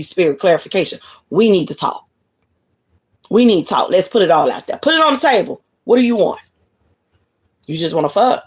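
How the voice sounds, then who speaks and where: A woman's voice: fairly high pitch, gravelly, slightly rough. A woman delivering a blunt, profane monologue of relationship advice in a casual, preachy way. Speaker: spiritual reader.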